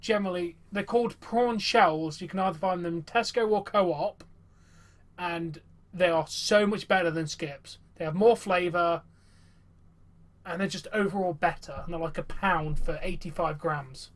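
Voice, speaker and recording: A man's voice: high-pitched, measured pace. A young man hosting a casual wrestling review chat, rambling and chatty with many fillers. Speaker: host.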